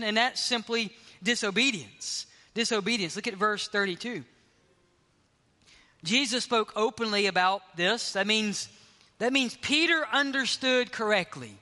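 A pastor delivers an emphatic sermon in a high, bright voice. His speech carries a long reverberant tail from the large sanctuary around him. He leans into key phrases and slows down for weight.

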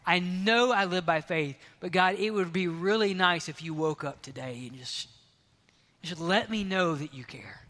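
A man preaching a sermon as pastor, passionate, swinging from loud, urgent lines to hushed near-whispers. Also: high-pitched, moderate pace. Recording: long reverb of a large hall.

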